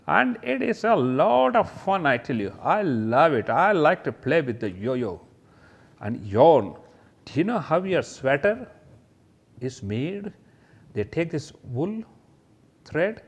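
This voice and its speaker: Slow, sing-song male kindergarten teacher. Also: a little high. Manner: slow, sing-song, talks straight to children, imitates sounds. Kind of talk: children's lesson with toys.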